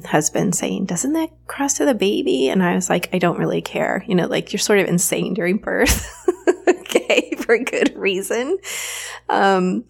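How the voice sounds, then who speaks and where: A middle-aged woman and yoga teacher, telling a personal birth story in a candid, chatty way that is broken up by laughs, then leading a slow breathing exercise. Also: fairly low pitch. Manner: candid, chatty, laughs often, soft counting.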